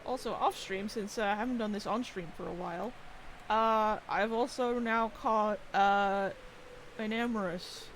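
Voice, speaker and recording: A man's voice: high voice, measured pace, a bit bright, a little hiss or hum. A man co-hosting a game stream, talking in a rambling, easygoing way full of fillers. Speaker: co-host streamer. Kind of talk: casual gameplay chat.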